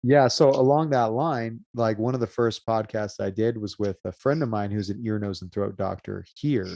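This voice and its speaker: A man's voice: lowish voice, moderate pace, gravelly, a little mellow, no room sound. A man hosting a podcast, chatting casually and reacting with short remarks. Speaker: podcast host. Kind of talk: casual interview chat.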